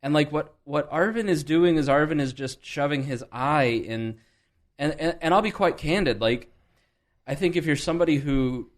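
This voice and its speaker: A man hosting a podcast, talking candidly and thinking aloud in a casual political discussion. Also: mid-range voice. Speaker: podcast host.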